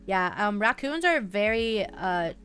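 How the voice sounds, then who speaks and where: A woman's voice: mid-range voice, expressive, a little slow, a bit bright, faint music behind. A woman live streamer chatting casually and playfully with her viewers, giggling as she reacts.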